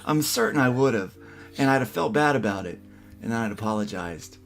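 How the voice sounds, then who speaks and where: A man's voice: mid-range voice, expressive, a little fast. A man hosting a casual livestream podcast, telling a rambling family story full of restarts. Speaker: podcast host.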